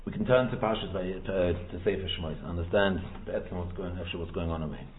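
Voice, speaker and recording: A man giving a lively Torah lecture in English mixed with Hebrew and Yiddish terms, firing rhetorical questions and repeating phrases. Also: low voice, quick pace, slight background noise. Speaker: rabbi teaching Torah. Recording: echoey room over a tinny phone-like line.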